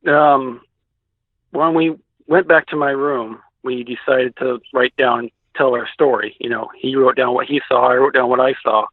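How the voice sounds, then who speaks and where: Unhurried and mid-range with fairly even intonation, this man's voice has no echo. He's a guest on an interview show with a Pacific Northwest American accent, describing a sighting over a dry, tinny phone line in a loose, rambling way, restarting often and saying "like" a lot.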